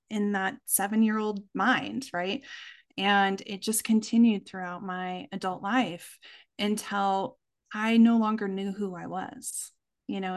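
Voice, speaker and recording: A woman, a mother, telling a personal story in a conversation, earnest and reflective, slowing down for emphasis. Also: medium pitch. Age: adult with children. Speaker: podcast guest.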